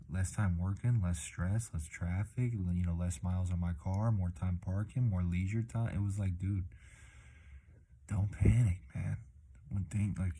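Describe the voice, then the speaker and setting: Young male vlogger, low mellow monotone, laid-back, profane, casual chat. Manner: laid-back, swears a lot, says "man" and "dude" often. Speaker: delivery driver vlogger. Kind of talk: casual rambling vlog.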